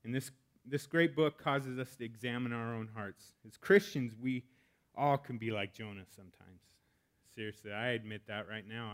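A male pastor preaching a sermon in a casual, candid way, with joking asides. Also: mid-range voice.

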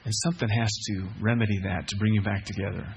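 A man's voice: fairly low pitch, steady tone, fast, gravelly, a little hiss or hum. A middle-aged man preaching a sermon, earnest, repeating key phrases and putting questions to the listeners. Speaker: pastor.

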